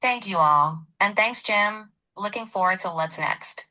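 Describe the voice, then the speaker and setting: A woman's synthetic AI assistant voice, giving calm, scripted advice in an even delivery. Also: mid-range voice, measured pace, poor audio.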